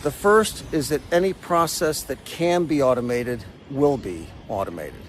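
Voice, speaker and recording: A man hosting a business documentary, narrating in a measured, explanatory way. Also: medium pitch, lively intonation, slight background noise. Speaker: business reporter and host. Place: factory in southern China.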